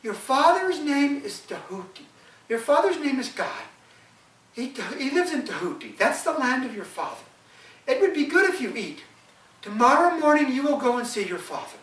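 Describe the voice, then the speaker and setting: A man's voice: very high-pitched, big pitch swings, normal speed, fairly bright tone, voice pushed up, full character voice. A man voicing a tender mother who soothes and instructs her young son in a raised voice. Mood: soothing. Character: tender, sorrowful mother of a boy. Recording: roomy, from a distance.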